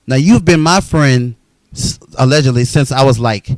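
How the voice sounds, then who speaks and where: A man's voice: medium pitch, normal speed, no echo, poor audio. A man telling his own life story in a blunt, profane, heated monologue.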